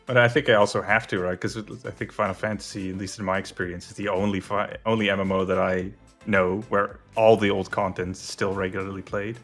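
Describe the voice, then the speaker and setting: A man hosts a casual gaming podcast with a bright, lowish voice. He sounds upbeat and ready to joke. Faint music sits under the talk. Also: level tone, brisk. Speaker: podcast host.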